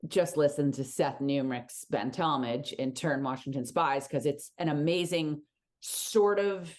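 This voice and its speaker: A woman's voice: low-pitched, a little slow, a little mellow. A woman co-hosting a casual recap podcast, chatty and hesitant, trailing off. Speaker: podcast co-host.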